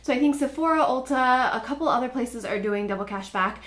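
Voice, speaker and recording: A woman's voice: sits high, fairly quick, fairly bright tone. A young adult woman hosting a casual makeup haul vlog, chatty and upbeat, often saying "like". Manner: chatty, upbeat, filler-heavy with frequent "like". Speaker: beauty vlogger.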